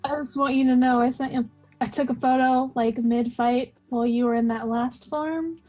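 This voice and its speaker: A woman's voice: high voice, fairly even intonation, normal speed, over loud music. A woman player chatting casually in a tabletop game, laughing easily.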